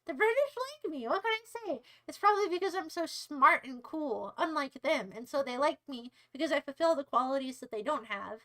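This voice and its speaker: A woman's voice: high voice, animated, a little fast, few pauses, bright, forceful tone, low-quality recording. A young American woman streaming live, chatting with her viewers in a playful, teasing, rambling way. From United States. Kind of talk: casual livestream chat to viewers.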